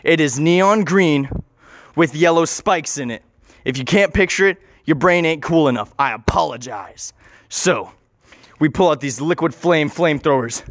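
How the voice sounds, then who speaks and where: A man's voice: fairly high pitch, normal speed, fairly bright tone, no echo. A young man telling a goofy, rambling improvised story, interrupting and correcting himself as he goes.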